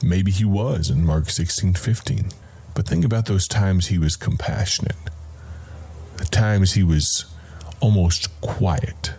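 A man's voice: low voice, mellow, breathy edge. A man hosting a radio Bible program, giving a reflective devotional sermon in a conversational way, calling the listener his friend. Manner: slow, deliberate, reflective delivery with pauses.

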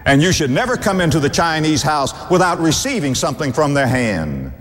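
Man preaching, animated pitch, fervent, soft asides and sudden loud highs, chuckles between points, long reverb in a big hall. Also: a little fast. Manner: chuckles between points, addresses listeners as dear friend. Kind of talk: sermon.

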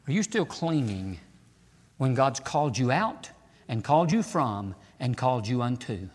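A man preaching a fiery sermon in a church, shouting some phrases and dropping to near-whispers on others. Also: medium pitch, big pitch swings, measured pace. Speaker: pastor. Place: church sanctuary. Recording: long hall reverb.

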